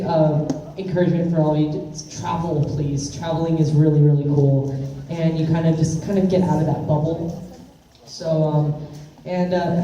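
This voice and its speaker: A woman's voice: deep voice, dark tone, slight background noise. A woman giving chatty, giggly interview answers full of fillers, recorded from a distance in a large echoey room. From California. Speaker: interview guest. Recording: echoey room, speaker far from mic.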